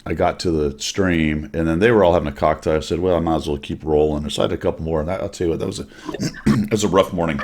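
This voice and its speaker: Brief: very low-voiced man, easygoing gaming podcast host, rambling chat. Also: fast talker, vocal fry, a little mellow. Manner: laid-back, rambling, enthusiastic.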